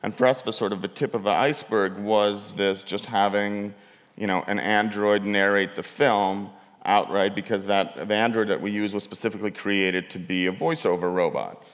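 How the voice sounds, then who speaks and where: A man's voice: lowish voice, steady tone, moderate pace. A man, a documentary filmmaker, explaining his work on a conference panel in loose, restarting sentences. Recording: long hall reverb.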